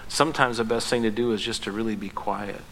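A pastor with a lowish, fairly bright voice preaches quickly in a steady tone, with a little hiss or hum in the audio. He talks conversationally, restarting sentences and using fillers, fires off emphatic rhetorical questions, and builds to fervent prayer.

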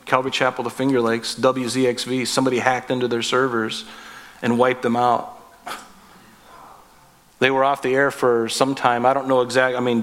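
A man's voice: medium pitch, fairly bright tone, in a large hall. A man preaching a sermon as pastor, earnest and emphatic, asking the listeners direct questions.

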